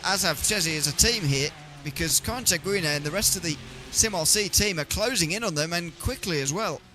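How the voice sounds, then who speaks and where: Man commentating a sim race, high voice. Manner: chatty, teasing banter with co-commentator.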